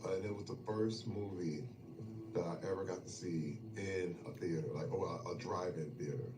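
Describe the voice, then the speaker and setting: A man telling personal stories in a casual chat over a meal, emotional and animated, dropping to murmurs and rising to loud bursts. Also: low voice, moderate pace. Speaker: guest. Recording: echoey, distant, noisy room.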